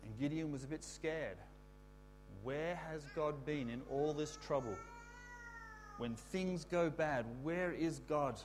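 A man giving a children's talk in church, explaining a word and leading the kids in call-and-response shouts. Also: a little high, slow pace, slight background noise. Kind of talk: children's sermon.

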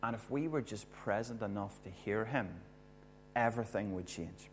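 Speaking at a moderate pace with a voice on the low side, a man gives a sermon in a church hall equipped with a screen, and there's a little hiss or hum. He talks conversationally and puts questions to those listening.

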